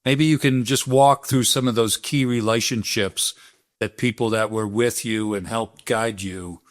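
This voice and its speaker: A man's voice: lowish voice, steady tone, unhurried. A male host asking long, meandering questions with fillers in an interview.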